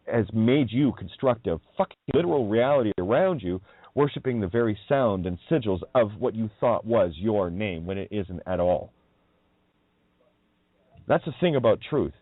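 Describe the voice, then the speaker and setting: A man's voice: mid-range voice, dry recording. Mocking man on tinny phone-like audio. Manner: mocking, profane, chuckling, sing-song wordplay. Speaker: radio show host. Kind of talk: rambling profane monologue.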